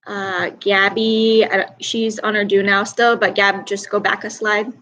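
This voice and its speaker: A woman's voice: mid-range voice, level tone, unhurried, a bit bright, a little hiss or hum, low-quality recording. A young woman teacher running an online class over a video call, chatty and upbeat as she praises students.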